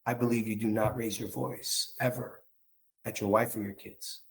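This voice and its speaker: A man's voice: fairly low pitch, flat delivery, creaky, rough recording. A man giving a candid personal talk about his marriage, speaking frankly and often stopping to restart his sentences. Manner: candid, halting, with frequent restarts.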